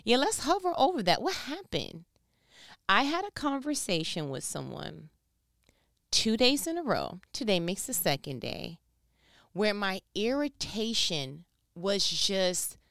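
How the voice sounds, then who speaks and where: An older woman talking at home in a casual faith-based monologue, animated and full of vivid analogies. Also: mid-range voice, no echo, clean studio sound. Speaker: vlogger.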